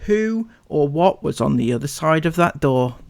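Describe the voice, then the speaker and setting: A man's voice: on the high side, expressive, moderate pace, creaky. A man hosting a commentary video, making dry, mocking asides about vlog clips. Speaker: commentary YouTuber.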